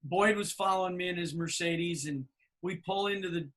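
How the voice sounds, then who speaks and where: A man's voice: high voice, normal speed, noisy background. Man in his fifties telling stories. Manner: anecdotal, animated retelling with many fillers. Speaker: podcast co-host. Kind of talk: casual storytelling chat.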